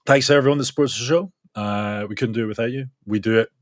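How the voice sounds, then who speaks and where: Male podcast host, jokey and quick, mid pitch, dry close mic. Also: dry recording. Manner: jokey, laughs often, quick asides. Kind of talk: casual comedic chat.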